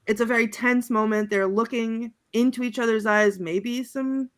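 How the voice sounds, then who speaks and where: A woman on a panel chatting casually, laughing often and halting with many fillers. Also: fairly high pitch, fairly even intonation. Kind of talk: casual chat, recounting movie quotes.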